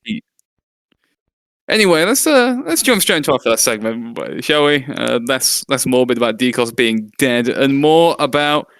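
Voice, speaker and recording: Smooth-voiced joking podcast host. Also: male voice, medium pitch, animated, normal speed, a bit bright, dry recording. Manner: joking, dry banter. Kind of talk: casual chat.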